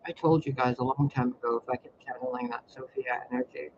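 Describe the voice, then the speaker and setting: A man's voice: medium pitch, quick pace, highs cut off, slight background noise. A man doing tarot readings, talking in a rambling, blunt way with a lot of swearing. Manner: profane, expressive, blunt. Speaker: tarot reader. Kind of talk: rambling casual monologue.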